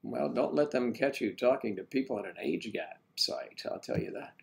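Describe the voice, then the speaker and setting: A man chatting casually on a live stream, with a voice of ordinary pitch for a man. He rambles and jokes as he greets viewers and reads out their comments. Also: expressive, normal speed, gravelly.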